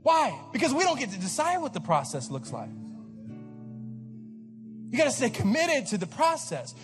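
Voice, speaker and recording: High-pitched pastor preaching in a big hall. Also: male voice, huge pitch swings, normal speed, over music. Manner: fervent, repeats refrains, rises to shouts. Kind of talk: sermon.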